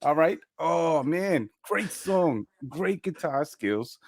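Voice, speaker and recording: A man's voice: on the high side, animated, slow pace, gravelly. A man with a New York accent hosting a casual livestream, enthusiastic and tripping over his words. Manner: enthusiastic, stumbling restarts. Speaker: livestream host.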